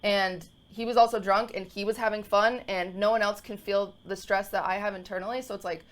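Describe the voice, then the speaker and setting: On her podcast, a woman in her twenties spins a long, meandering tale, emotional and riddled with fillers and restarts. Her mid-range voice moves at a brisk clip with fairly even intonation.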